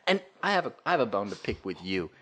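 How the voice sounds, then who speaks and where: A man's voice: lowish voice, sing-song, fast, bright, forceful tone. A man co-hosting a casual podcast from an apartment, joking around and swearing freely. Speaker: podcast co-host. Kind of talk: casual chat.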